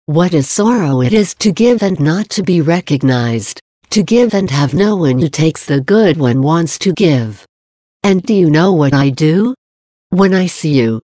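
A woman reading the words of Jesus as a gentle, loving male divine speaker, in a measured, earnest devotional reading. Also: low-pitched, no room sound, clean studio sound.

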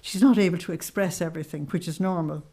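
A woman's voice: fairly low pitch, steady tone, quick pace, mellow, slightly rough. Earnest woman leading a spiritual study. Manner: earnest, explains, asks tag questions. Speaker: spiritual study group leader. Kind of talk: religious teaching with read-aloud passages.

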